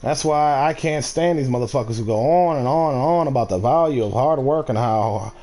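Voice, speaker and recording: A man's voice: medium pitch, a little fast, mellow. A man streaming a game, ranting casually in a rambling, profane way with many restarts. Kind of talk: casual ranting while gaming.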